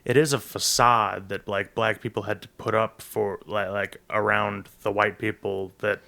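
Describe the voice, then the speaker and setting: Brief: podcast co-host, man, gravelly and sharp-toned, low voice, rambling. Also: little pitch movement, moderate pace. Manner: rambling, crude, joking. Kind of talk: casual chat.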